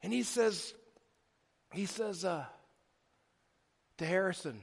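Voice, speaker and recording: Middle-aged man, pastor giving a sermon; animated, stumbling restarts, fairly high voice, reverberant church. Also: takes it slowly, gravelly, slightly rough. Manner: animated storytelling with repeated restarts. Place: church sanctuary. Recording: long hall reverb.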